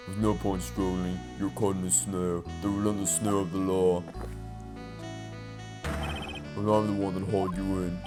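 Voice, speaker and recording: A man doing a low, cool prosecutor. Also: level tone, over music. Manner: low, slow and quiet, smug. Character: cool, brooding masked male prosecutor.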